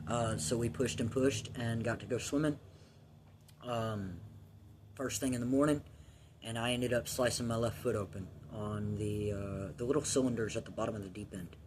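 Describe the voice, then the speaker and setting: A man's voice: mid-range voice, a little mellow, slight background noise. Man telling a rambling personal story. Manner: rambling, profane, laughs at his own story.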